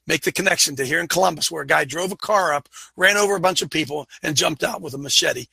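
This talk show host's high, very bright, piercing voice is creaky with a breathy edge, and he speaks fast. Holding forth like a preacher, he talks fervently with heavy emphasis and bursts of yelling, recorded close and dry without echo.

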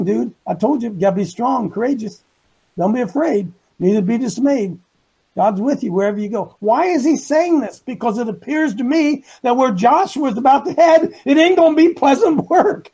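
Brief: high, husky, gravelly-voiced man leading a folksy Bible study, emphatic, slangy. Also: darkish tone, poor audio. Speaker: Bible teacher on a talk show.

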